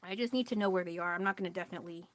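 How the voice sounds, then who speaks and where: A woman's voice: on the low side, very fast, fairly bright tone. A tired young woman, chatting casually on a live stream while she paints. She rambles, laughs at herself often and loses her train of thought. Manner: rambling, scattered, self-deprecating, laughs often.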